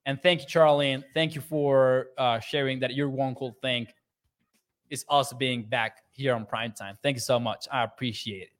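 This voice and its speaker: A man's voice: mid-range voice, steady tone, normal speed. A young man hosting a sports livestream, reading viewer comments aloud in an upbeat, chatty way and laughing often. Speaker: sports podcast host.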